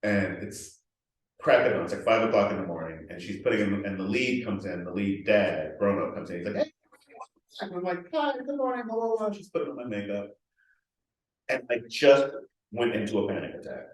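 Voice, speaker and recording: Man, actor guest, frank and animated, roomy echo, distant mic. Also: on the low side, a little fast. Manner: animated, frank, swears freely. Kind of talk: candid interview storytelling. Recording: echoey room, mic far off.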